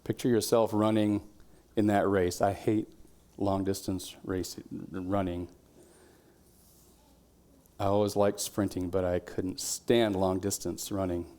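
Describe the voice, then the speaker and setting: A man preaching a Sunday sermon in a church, in a conversational way, sometimes dropping to a quiet tone and sometimes shouting out quoted cheers. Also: deep voice, flat delivery, takes it slowly. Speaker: pastor.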